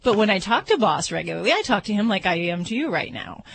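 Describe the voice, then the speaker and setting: A woman veterinarian chatting on a radio talk show with an earnest, eager manner. Her voice sits at an ordinary middle pitch. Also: sing-song, quick pace, gravelly, slight background noise. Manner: enthusiastic, earnest. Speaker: veterinarian guest expert. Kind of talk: radio chat.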